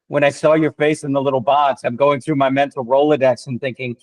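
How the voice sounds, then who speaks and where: A man's voice: medium pitch, little pitch movement, fairly quick, no room sound, low-quality recording. Dry-sounding male host on a video call. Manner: warm, chatty, greets each guest by name. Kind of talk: casual video-call reunion chat.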